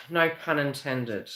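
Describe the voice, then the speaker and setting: A woman's voice: low-pitched, bright, forceful tone. A woman from Australia hosting a live psychic reading, chatty and rambling, laughing often as she talks. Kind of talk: live-stream tarot and astrology reading. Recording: echoey room.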